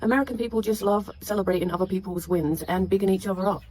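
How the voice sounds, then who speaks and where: A woman's voice: medium pitch, fairly even intonation, fast talker, a little mellow, breathy edge, low-quality recording. An English woman who moved abroad, reflecting earnestly in a casual vlog. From England.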